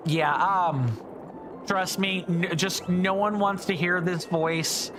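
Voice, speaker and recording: A woman's voice: lowish voice, slow, background noise. A woman streamer chatting casually and self-deprecatingly while she plays, often stumbling over words, with some phlegm in her throat. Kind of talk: casual live game commentary.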